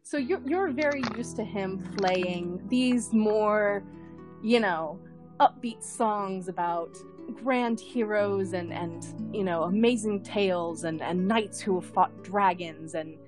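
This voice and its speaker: A woman narrating a tabletop role-playing scene as game master, unhurried, thinking aloud with frequent fillers and repeated words. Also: mid-range voice, music in the background.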